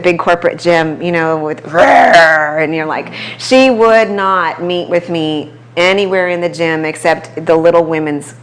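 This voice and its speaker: A woman with a slightly low voice, a personal trainer talking casually to a small group in an office. She tells client stories in a chatty way, full of quick asides. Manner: conversational storytelling, quick asides. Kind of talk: casual talk to a small audience. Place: chiropractic office.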